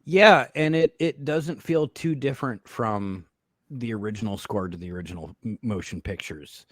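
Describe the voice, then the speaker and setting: A man co-hosting a podcast, talking excitedly and profanely about a horror film with a friend. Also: lowish voice, normal speed, no room sound, clean studio sound. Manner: excitable, swears, bursts into shouts. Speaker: podcast co-host. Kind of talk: casual movie review chat.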